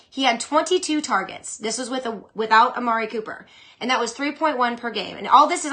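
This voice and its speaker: A young adult woman hosts a casual solo chat, opinionated and animated, tossing off quick asides as she answers questions. Her voice sits a little high and sounds bright and forceful. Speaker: fantasy football podcast host.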